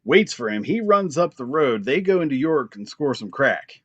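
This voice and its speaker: A young man from Pennsylvania telling a story in a loose, animated way, laughing often and slipping into the voices of the people he describes. His pitch sits in an ordinary middle range. The sound is dry and close, with no room echo. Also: moderate pace, dull audio. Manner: animated, laughs often, acts out quoted lines. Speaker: band drummer, guest. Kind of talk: casual storytelling.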